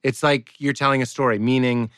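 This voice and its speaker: A man, a comedian guest in a casual podcast chat, animated and often laughing. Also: medium pitch, fairly quick, clear, resonant tone, no echo, studio quality.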